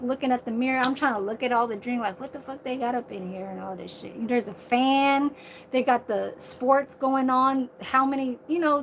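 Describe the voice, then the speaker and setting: Woman vlogger, high voice, animated swearing rant, phone camera, faint background hiss. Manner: animated, heavy profanity, lots of filler.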